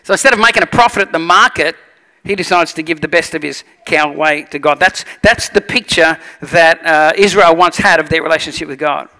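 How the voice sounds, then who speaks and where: Male pastor, lively storyteller, bright edge, echoing church hall. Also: fairly high pitch, brisk. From Australia. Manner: animated storytelling, acts out voices. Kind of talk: sermon.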